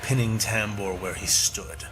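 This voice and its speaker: A man's voice: lowish voice, steady tone. Man narrating a dramatic story. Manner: measured, dramatic reading. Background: music.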